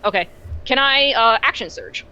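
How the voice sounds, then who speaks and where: A woman playing a tabletop game, talking in a hesitant, halting way and often restarting her sentences. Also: on the high side, lively intonation, sharp tone, highs cut off, a little hiss or hum. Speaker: player.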